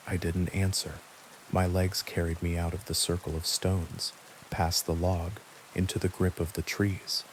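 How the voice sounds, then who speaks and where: A man reading a scary bedtime story aloud in a calm, steady storytelling manner. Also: low-pitched, measured pace, slight background noise, rough recording. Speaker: narrator. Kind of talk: scripted horror narration for sleep.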